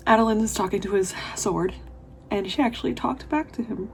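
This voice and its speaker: A woman's voice: medium pitch, fairly quick, creaky, a little hiss or hum. Emotional woman vlogger reading aloud. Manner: emotional, gushing reactions with laughs and whispered asides. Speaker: book vlogger. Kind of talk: casual reading vlog, reading passages aloud.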